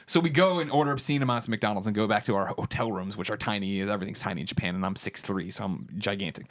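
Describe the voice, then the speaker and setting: A man's voice: lowish voice, fast, hardly any pauses. A man in his thirties co-hosting a casual chat show, telling a story and acting out quotes in shifted voices. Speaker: podcast co-host.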